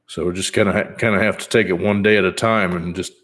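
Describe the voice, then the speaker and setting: Deep-voiced man in his fifties rambling. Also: steady tone, quick pace, fairly bright tone. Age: 50s. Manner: rambling, easygoing, many fillers. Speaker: channel host. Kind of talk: casual vlog chat.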